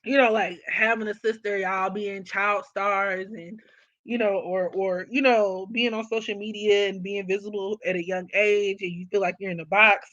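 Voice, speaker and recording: A woman's voice: medium pitch, steady tone, normal speed, fairly bright tone, dry recording, highs cut off. A woman vlogger talking about astrology in a blunt, opinionated, slangy casual chat.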